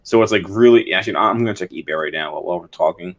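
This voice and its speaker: A young man with a medium voice chats in a relaxed, rambling way, leaning on filler words and breaking into giggles. He sounds easygoing and unhurried as a podcast co-host. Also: low-pitched. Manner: laid-back, lots of "like" fillers, giggly. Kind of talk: casual chat.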